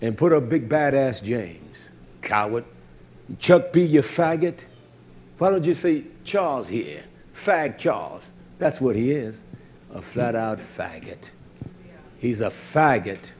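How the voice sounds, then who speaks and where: A man preaching a sermon to his congregation, blunt and combative, with slangy talk that drops to low mutters and rises to loud outbursts. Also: big pitch swings, takes it slowly, slight background noise. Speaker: congregation leader.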